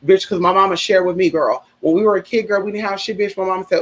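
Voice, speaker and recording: A man's voice: high-pitched, quick pace, fairly bright tone, low-quality recording. A man hosting a casual livestream chat, sassy and chatty, calling his listeners honey and girl, and turning earnest and heartfelt when he talks about grief. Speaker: livestream host.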